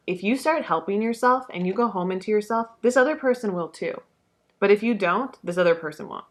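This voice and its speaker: A young woman giving a casual, emotional tarot reading, talking freely with lots of fillers and swearing. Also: on the low side. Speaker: tarot reader.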